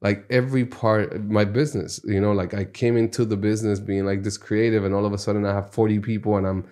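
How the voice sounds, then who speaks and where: A man's voice: lowish voice, flat delivery, quick pace, darkish tone. A man who is a guest on a podcast, telling stories from his life in an earnest, reflective way. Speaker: podcast guest, music executive. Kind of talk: conversational interview storytelling.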